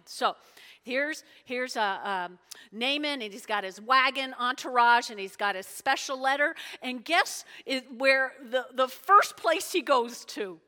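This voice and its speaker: A woman pastor retelling a story in a sermon, lively, with asides and check-in questions, in an echoey hall. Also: high-pitched, measured pace.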